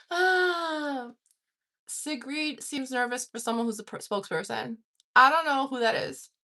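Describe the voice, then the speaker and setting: Casual livestream host, a woman in her forties; high, tense tone, swearing freely through a tale. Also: normal speed. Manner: profane and animated, laughing through stories. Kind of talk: casual storytelling.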